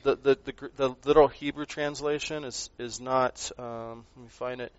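A man preaching a sermon, earnest, rising to loud emphasis and dropping to quiet asides, often repeating words as he goes. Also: medium pitch, steady tone, normal speed, no room sound, lo-fi sound. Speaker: pastor.

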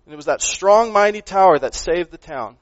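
A man preaching a sermon, earnest, rising to loud emphasis and dropping to quiet asides, often repeating words as he goes. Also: high-pitched, lively intonation, a little fast, dry recording, highs cut off. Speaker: pastor.

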